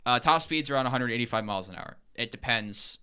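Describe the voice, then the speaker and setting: Bright, crisp young man explaining eagerly. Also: medium pitch, animated, quick pace. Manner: eager, rambling explainer with many fillers. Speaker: podcast co-host. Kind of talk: casual explanatory podcast talk.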